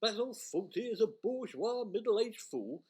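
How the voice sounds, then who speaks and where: A man's voice: high-pitched, animated, breathy edge, full character voice. A British man playing a pompous, touchy middle-aged hotel owner in a comic radio sketch. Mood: indignant. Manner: indignant, huffy, quick to take offence.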